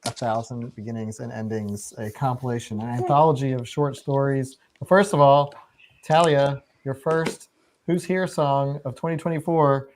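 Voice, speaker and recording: A woman's voice: rumbling low, steady tone, moderate pace, darkish tone, slight background noise, poor audio. A woman hosting a live book discussion in casual, playful chat. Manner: chatty, playful, leads the talk. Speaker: book club host.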